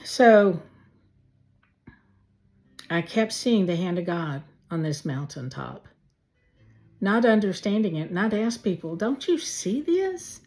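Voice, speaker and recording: A woman shares her faith testimony in a slow, unhurried way. She pauses often and speaks with deep feeling. Her voice sits on the low side, with soft music faintly behind her. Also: expressive. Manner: slow, heartfelt storytelling with pauses.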